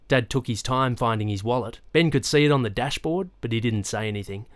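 A man reading a novel aloud in a measured, even storytelling manner. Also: medium pitch, smooth, no echo. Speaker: audiobook narrator. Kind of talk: scripted narration.

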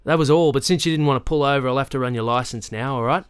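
A man voicing a jovial, burly male police constable with a rural Australian accent, loud and blunt. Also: medium pitch, quick pace, clear, resonant tone, dry recording, clean studio sound, lightly acted. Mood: friendly.

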